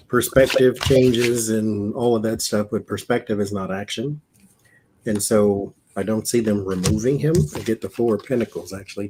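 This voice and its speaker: Man, tarot co-host, measured readings, faint background noise. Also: lowish voice. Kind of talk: casual live-stream chat.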